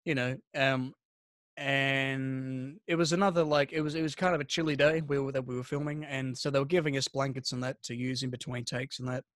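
A man's voice: medium pitch, little pitch movement, a little fast, fairly bright tone, dry recording, clean studio sound. A man, co-hosting a podcast and rambling through stories in casual chat. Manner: rambling storyteller with fillers. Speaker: podcast co-host.

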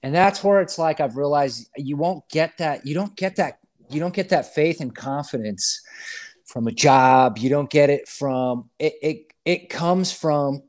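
A man's voice: fairly high pitch, a little slow, darkish tone. A man, a podcast guest, who answers in a casual and affirming way. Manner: brief affirming interjections. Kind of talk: casual interview chat.

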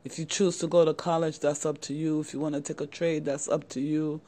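A woman's voice: deep voice, flat delivery, fairly quick, mellow. A middle-aged woman talks straight to her audience of young men in an earnest motivational style. She repeats her points and keeps addressing her listeners directly as "guys". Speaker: channel host giving advice to young men. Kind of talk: motivational talk to camera.

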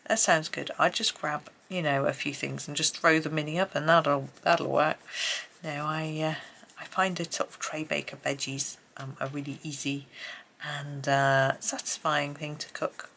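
A middle-aged woman with a British accent talks her way through a colouring session in a loose, rambling way. Her voice sits low, with a gravelly edge. She often trails off into near-murmurs. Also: fairly even intonation, moderate pace, slight background noise. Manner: soft-spoken, rambling, drifts into murmurs. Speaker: colouring channel host. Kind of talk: casual chat while colouring.

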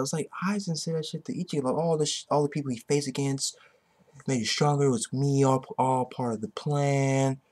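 A man with a husky, breathy voice rants through a comic-chapter reaction, cursing nonstop and doubling back on his words. He swings from loud outbursts to low mutters. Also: a little fast. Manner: excitable, heavily profane, repetitive. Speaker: manga chapter reviewer. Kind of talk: ranting reaction commentary.

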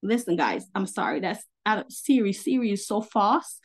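A woman's voice: mid-range voice, expressive, moderate pace, few pauses. A woman preacher delivering an informal livestream sermon, emphatic and fiery, repeating key lines and checking in with her listeners for agreement. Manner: fiery and indignant, with bursts of laughter.

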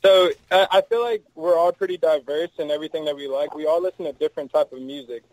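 A man's voice: on the high side, fairly even intonation, fast, no room sound, poor audio. A man from Texas, a band's lead singer, answering interview questions in an easygoing, plain-spoken way. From Texas, USA. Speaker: band lead singer, guest.

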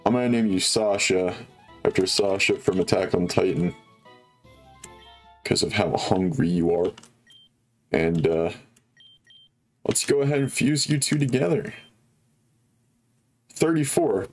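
Chatty young man with a low voice. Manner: chatty and upbeat, talks to viewers, many fillers. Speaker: let's play host. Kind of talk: casual gameplay commentary.

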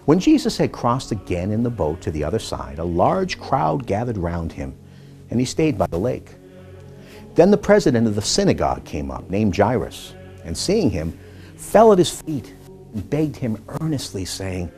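Expressive man reading scripture. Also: fairly low pitch, moderate pace, soft background music. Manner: expressive, rising and falling for the quoted voices. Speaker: scripture reader.

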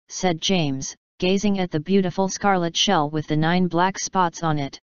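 Storybook narrator, woman; measured, low, crisp, dry studio sound. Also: no echo. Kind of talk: audiobook narration. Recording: slightly dull, dry recording.

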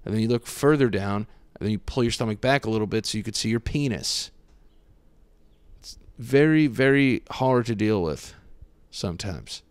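A young man with a fairly low voice riffs through a comic monologue. He sounds mock-wounded and self-deprecating and swears a lot. The sound is dry and close, with no room echo. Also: lively intonation, normal speed, clear, resonant tone. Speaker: podcast host. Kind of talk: comedic podcast monologue.

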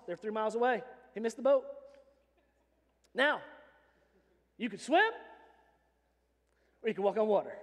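In a church sanctuary with the long reverb of a hall, a high-voiced male pastor delivers an animated, joking sermon in a conversational style.

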